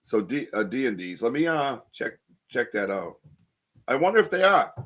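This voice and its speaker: A man's voice: mid-range voice, very animated, normal speed, a bit bright. A man hosting a casual live podcast, rambling and chatty as he reads viewer comments aloud, with lots of ums and restarts. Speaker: podcast host.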